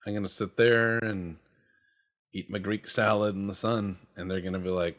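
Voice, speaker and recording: A man's voice: sits low, little pitch movement, brisk, a bit bright. A man hosting casual gameplay commentary, rambling and joking, and swearing freely as he goes. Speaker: gaming channel host.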